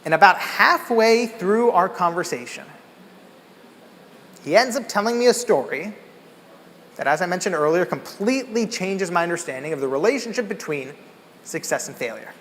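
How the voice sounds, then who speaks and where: Guy from LA doing a keynote, lively storytelling, fairly high voice, echoey hall. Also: normal speed, slight background noise. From Los Angeles, USA. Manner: animated, acts out the people in his story. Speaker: keynote speaker. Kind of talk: storytelling talk on stage.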